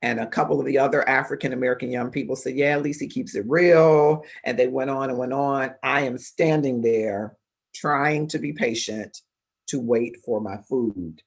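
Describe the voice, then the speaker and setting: A middle-aged man from Detroit hosting a livestream, telling a story in a deliberate, conversational way with fillers and self-corrections. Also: medium pitch, fairly even intonation, vocal fry, husky. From Detroit, Michigan. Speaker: livestream show host. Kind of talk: casual storytelling monologue. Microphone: livestream microphone.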